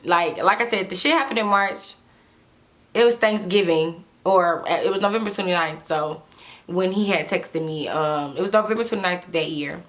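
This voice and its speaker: A woman's voice: lowish voice, normal speed, fairly bright tone. A young woman telling a personal story to her viewers in casual chat, often repeating words and reading old text messages aloud. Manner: chatty, repeats words, reads texts aloud.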